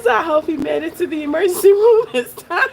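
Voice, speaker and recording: A woman's voice: very high-pitched, animated, a little fast, gravelly, slight background noise. A woman hosting a reaction video, talking straight to viewers in casual slangy chat. She laughs often and curses freely. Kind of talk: casual commentary on a viral clip.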